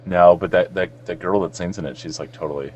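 Low-voiced giggly podcast guy. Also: fairly even intonation, brisk, darkish tone, husky, highs cut off. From South Florida. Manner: giggly, joking, swears freely. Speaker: podcast co-host. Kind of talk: casual banter.

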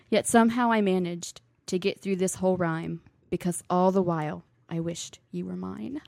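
A woman's voice: fairly low pitch, steady tone, moderate pace, creaky, hardly any pauses, a little mellow, no echo, studio quality. A woman co-hosting a casual podcast, brash and teasing, laughing often between lines. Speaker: podcast co-host.

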